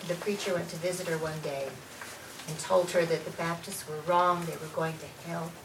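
Brief: low, gravelly woman speaking up from the class, hesitant, distant in a roomy hall. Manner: hesitant, with fillers. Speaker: class member. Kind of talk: telling a personal story in class. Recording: roomy distant room mic, faint noise.

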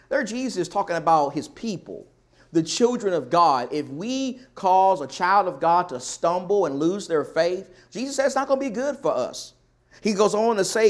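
A man's voice: high voice, lively intonation, normal speed. A male pastor preaching a sermon, emphatic and repeating his key points over and over.

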